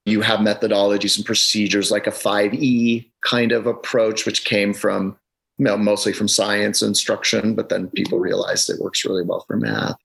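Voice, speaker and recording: A middle-aged man talks over a video call with a somewhat low voice. He makes his points with emphasis and explains at length, like a consultant walking through his evidence. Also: little pitch movement, moderate pace, gravelly, fairly bright tone, poor audio. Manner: emphatic, data-focused, explanatory. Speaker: education consultant, podcast guest.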